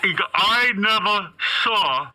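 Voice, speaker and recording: A man's voice: high voice, expressive, bright, forceful tone, voice pushed up, full character voice, poor audio. A man imitating his elderly father, who bluntly barrels on and laughs as he talks, while telling a story on a radio show. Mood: amused, incredulous. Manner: laughing, insistent, slow and emphatic. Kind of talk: impression within a radio anecdote.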